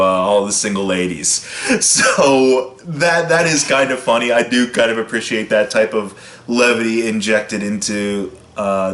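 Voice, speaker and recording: A man's voice: lowish voice, fairly bright tone. Chatty male film reviewer in echoey room. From United States. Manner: chatty, loose, frequent fillers and restarts, brief impressions of lines.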